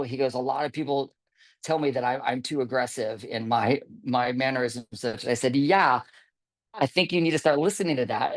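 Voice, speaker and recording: A man telling a casual story in a rambling way, full of fillers and restarts, acting out what others said. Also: mid-range voice. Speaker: camp volunteer telling a story. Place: online video call.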